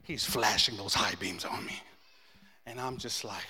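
Preaching a sermon, a male pastor tells a story about himself in an animated, self-mocking way, acting out his own outbursts. His voice is on the low side and unhurried, trailed by a long reverb.

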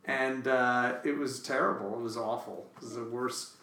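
A podcast guest telling a story in a halting, hesitant way. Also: mid-range voice, fairly even intonation, a bit bright, a little hiss or hum. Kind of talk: casual group chat. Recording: distant mic in an echoey room.

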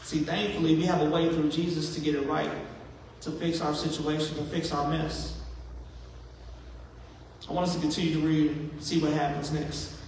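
A man preaching a sermon as pastor, talking conversationally and acting out voices in quick asides. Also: fairly high pitch, level tone, darkish tone, slight background noise. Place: church sanctuary. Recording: echoey hall from far off.

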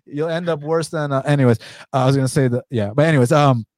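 Profane, animated male podcast host. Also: on the high side, fast talker, no echo. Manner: profane, animated, rambling with many fillers. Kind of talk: casual fight-betting podcast chat.

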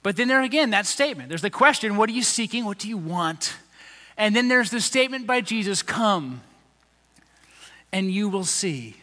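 A man's voice: sits high, expressive, fairly quick, sharp tone, long reverb tail. A man preaching a conversational sermon as pastor, acting out the people he quotes in little voices.

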